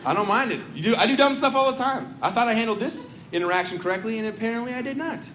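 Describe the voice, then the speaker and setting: Stand-up comic, male, high and lively voice, bursts into shouted bits, live club room echo. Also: fast talker. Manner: animated, shouts and jumps into silly character voices. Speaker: stand-up comedian. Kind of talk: stand-up comedy set. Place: comedy club stage. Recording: echoey live club recording with noise.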